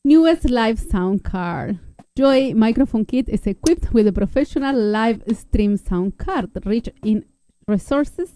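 Woman, higher pitch, slow and animated. Giggly, exclaiming co-host; faint hiss. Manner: giggly, exclaims often, reads product text haltingly. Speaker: co-host of a product review channel. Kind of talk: casual excited chat.

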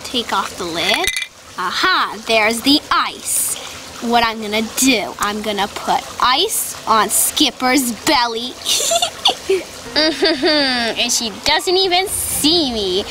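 A woman's voice: a little high, lively intonation, takes it slowly, background noise. A woman voicing a mischievous little girl doll who schemes with sneaky giggles in doll play.

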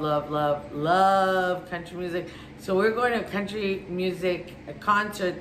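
A woman's voice: on the low side, fairly bright tone, a little hiss or hum. A woman talking in a bubbly, gushing, rambling way, often repeating herself, as a home decor vlogger. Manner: rambling, talkative. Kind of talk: casual chatty vlog and voice-over. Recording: roomy echoey room, faint music.

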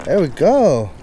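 A man talking at an unhurried, drawn-out pace, narrating his fishing out on the open ocean from a kayak. He coaxes, scolds and exclaims at the fish in a chatty, casual way, his voice caught by a camera-mounted mic with faint background noise. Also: very high-pitched, mellow. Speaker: fishing vlogger. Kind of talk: casual play-by-play while fishing. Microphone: camera-mounted external mic.

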